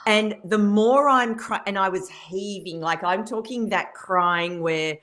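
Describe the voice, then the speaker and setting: A woman, a radio guest telling a story in lively fashion, acting out what people said. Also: medium pitch, unhurried. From Australia. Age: 50s. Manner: animated storyteller acting out quotes, laughing.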